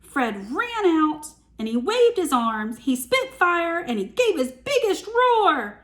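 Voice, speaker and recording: A woman reading a picture book aloud as a teacher, with slow, expressive storytelling. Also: very high voice.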